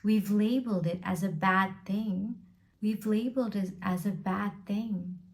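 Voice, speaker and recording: A woman's voice: medium pitch, steady tone, unhurried. A woman vlogger talking to camera at home in an earnest, emphatic motivational style, building her points through repeated lists. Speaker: self-help vlogger.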